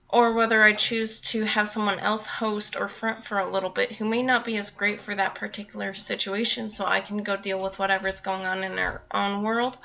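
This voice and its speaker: A woman's voice: medium pitch, vocal fry, sharp tone, muffled recording. A young woman talking casually to her viewers, rambling and chatty with frequent laughs. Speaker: vlogger. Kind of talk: casual talk to camera.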